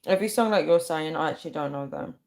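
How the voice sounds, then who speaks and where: A woman's voice: deep voice, fast talker, creaky, a little mellow. A young woman chatting casually on a live stream, rambling and reading viewer comments aloud. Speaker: livestreamer.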